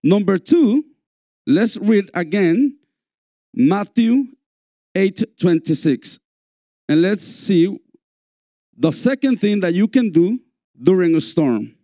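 A man preaching a sermon in a church, slow and repetitive, calling out for amens. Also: sits high, big pitch swings, warm tone, dry recording, studio quality. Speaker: pastor.

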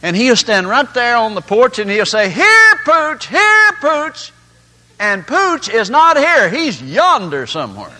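Lively, bright-voiced preacher man. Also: high-pitched, moderate pace, hardly any pauses, poor audio. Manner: folksy storytelling with acted-out voices. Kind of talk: sermon.

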